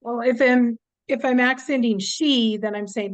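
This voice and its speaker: A woman taking part in an online workshop, speaking quickly and matter-of-factly. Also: on the high side, fairly even intonation, rough recording. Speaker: workshop participant. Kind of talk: casual discussion. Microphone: video call.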